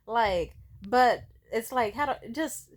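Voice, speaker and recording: Profane, animated young woman telling stories. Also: fairly high pitch, slow. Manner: profane, animated, acts out quoted people. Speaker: vlogger. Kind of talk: casual storytelling.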